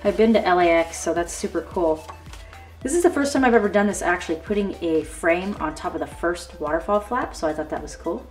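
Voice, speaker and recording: A woman's voice: fairly low pitch, a little fast. Gushing, chatty woman tutorial host. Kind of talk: casual show-and-tell demonstration. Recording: slightly distant mic with faint background music.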